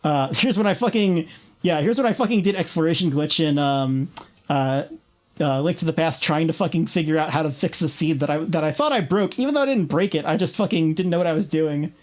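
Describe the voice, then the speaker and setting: A woman's voice: low voice, lively intonation, brisk, a little mellow. A young woman with a New York accent chatting casually on a livestream, rambling, laughing often and swearing freely. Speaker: streamer.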